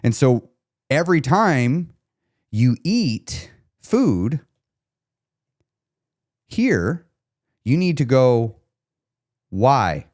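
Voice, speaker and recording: A man's voice: medium pitch, very animated, very slow, pauses often, a little mellow. A man coaching viewers on a live stream, speaking emphatically, repeating key questions and checking in with his audience. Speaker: weight loss coach.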